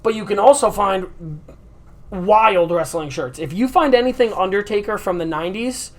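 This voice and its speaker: A young man in his twenties talks on a podcast with a fairly high voice. He rambles in a casual, animated way, swearing freely and slipping into quoted voices as he tells stories. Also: moderate pace. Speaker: podcast host.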